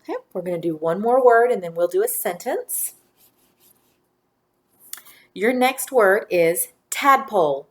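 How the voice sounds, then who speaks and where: Slow, clear woman teaching phonics. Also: mid-range voice, expressive. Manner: slow, clear, drawn-out words; encouraging, directive. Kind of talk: phonics lesson to children.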